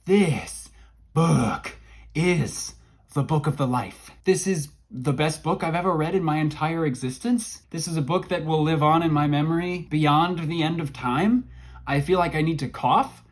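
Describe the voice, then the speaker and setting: A man's voice: fairly high pitch, normal speed. A man casually reviewing the books he read, joking and gushing with over-the-top enthusiasm. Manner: enthusiastic, jokey, hyperbolic. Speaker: book vlogger. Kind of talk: casual book review vlog.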